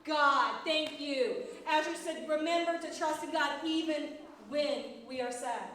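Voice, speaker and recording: A woman's voice: sits high, measured pace, a bit bright, a little hiss or hum. A woman teaching an interactive Bible lesson to children, reading dramatically and asking the kids questions. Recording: echoey room, mic at a distance.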